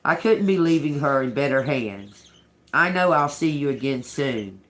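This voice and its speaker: Woman reading a gentle friend's fond goodbye. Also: very deep voice, lively intonation, unhurried, heavily acted. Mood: tender farewell. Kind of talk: reading a novel aloud.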